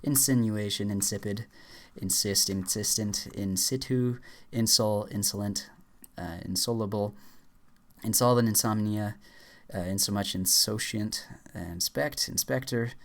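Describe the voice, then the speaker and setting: A young man reading dictionary entries aloud at speed, rattling words off in flat bursts and stumbling over some. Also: fairly low pitch, a little slow. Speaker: YouTuber.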